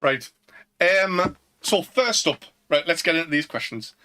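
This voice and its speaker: A man's voice: a little high, animated, a little slow, bright, forceful tone. A British man co-hosting a podcast in casual chat, rambling and laughing often. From Britain. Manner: giggly, rambling, trails off mid-sentence. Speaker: podcast co-host. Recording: live-streamed podcast.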